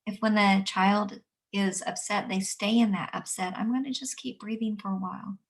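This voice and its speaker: Woman teaching about calming kids, slow steady repeating style, bit of vocal fry. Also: mid-range voice. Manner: calm, repetitive, explanatory. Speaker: early childhood trainer. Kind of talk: instructional talk.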